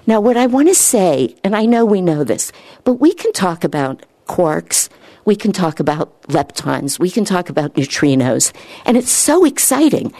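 A woman giving an informal spiritual talk, earnest and rambling, her voice lifting higher when she gets excited. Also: moderate pace, dry recording. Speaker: spiritual speaker.

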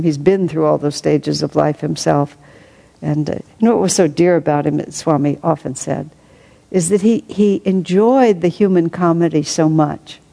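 A woman's voice: deep voice, creaky, warm tone, rough recording. A woman reading passages aloud to a study group, with chatty asides and frequent laughter. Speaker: reader leading a study group.

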